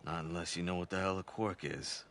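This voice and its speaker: A blunt, gruff man in a video game cutscene. His voice sits very low and deep, and he speaks in short, curt lines. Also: fairly even intonation, fairly quick, a bit bright, slight background noise.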